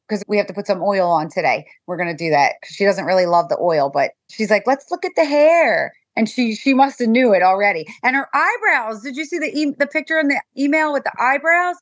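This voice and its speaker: A woman with a fairly high voice, guesting on a podcast over a remote call. She is excitable and gushing, and she stumbles and restarts as her thoughts run ahead of her. The sound is dry and close. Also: dry recording. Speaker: interview guest, mother. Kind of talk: emotional conversational storytelling.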